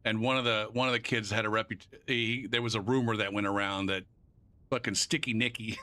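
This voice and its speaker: A man's voice: on the low side, steady tone, a little fast, bright, forceful tone. A male game streamer in casual live-stream chat, rambling and profane, joking and narrating his own clicks as he goes.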